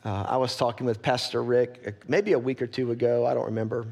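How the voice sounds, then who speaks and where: A man preaching a sermon as pastor, earnest and candid, often checking in with his listeners and growing soft and quiet when he gets personal. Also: mid-range voice, level tone, quick pace, creaky, breathy edge. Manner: earnest, candid, asks the congregation for agreement.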